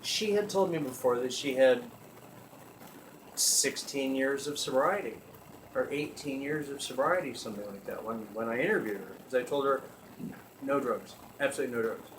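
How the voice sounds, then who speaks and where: A man hosting a talk show, telling a comic story in an animated way, often laughing as he talks and swearing freely. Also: mid-range voice, moderate pace, a little hiss or hum. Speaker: podcast host. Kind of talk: comedic storytelling.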